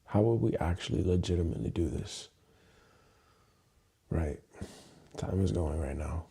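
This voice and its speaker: A man hosting a tapping livestream who rehearses his intro over and over, swears casually and thinks aloud with long pauses while seated at his desk. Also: low-pitched, lively intonation, creaky, warm tone, husky. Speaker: livestream host, EFT tapping coach. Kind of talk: unscripted livestream self-talk. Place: seated at his home workstation.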